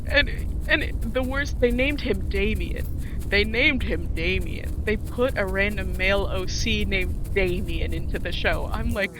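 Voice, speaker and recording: Young woman gamer, exasperated casual rant, mid pitch, music clearly audible behind. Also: normal speed. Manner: ranting, exasperated, self-interrupting. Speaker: gaming vlogger. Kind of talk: casual chat while playing a video game. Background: music under the talk.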